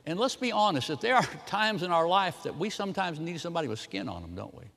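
A male pastor preaching a sermon, swinging between loud, emphatic lines and quiet ones. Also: fairly high pitch, sing-song, fast, vocal fry, in a large hall, slight background noise. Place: church sanctuary.

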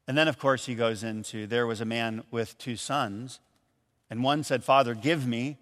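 A man from Michigan preaching a sermon as an animated storyteller, raising his voice when he calls out lines. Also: medium pitch, moderate pace, big-room sound. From Michigan, USA. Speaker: pastor.

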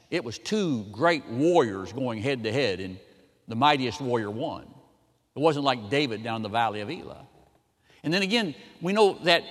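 A male pastor delivers a sermon from a church sanctuary. His voice sits at an ordinary mid pitch. He pushes hard on key lines and then drops almost to a murmur. A long hall reverb follows every phrase. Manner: emphatic preaching, swinging between loud and soft.

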